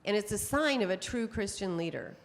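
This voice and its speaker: A middle-aged woman giving a conference talk to an audience, telling stories in a lively way and laughing often. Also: medium pitch, brisk. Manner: lively storytelling with frequent laughs. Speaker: speaker on temperament psychology. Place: conference hall. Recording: long hall reverb.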